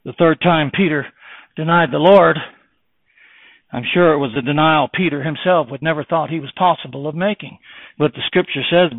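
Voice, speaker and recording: A man preaching a sermon, moving from slow, hushed words to loud, fervent exhortation. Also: a little high, no room sound. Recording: tinny phone-like, dry.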